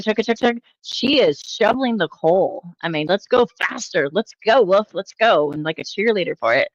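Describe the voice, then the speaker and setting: Low-voiced woman, rambling exasperated commentary. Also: dry recording, muffled recording. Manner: rambling, frequent um and uh fillers; exasperated, critical. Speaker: commentary channel host. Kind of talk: casual reaction commentary.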